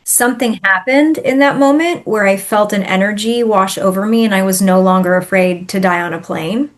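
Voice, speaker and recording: A woman, a spiritual healer, telling a personal story in a podcast interview in an animated, emphatic way. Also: medium pitch, moderate pace.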